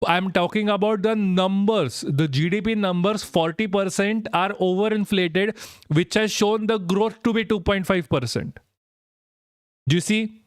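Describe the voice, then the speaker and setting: A man's voice: sits high, measured pace, smooth, no echo, clean studio sound. A young Indian man hosting a live stream, ranting bluntly and with lots of swearing as he answers viewer comments. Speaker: livestream host.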